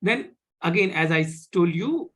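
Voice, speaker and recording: A man teaching a live online French class, halting with many fillers and often asking "okay?". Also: sits high, lively intonation, a bit bright, husky.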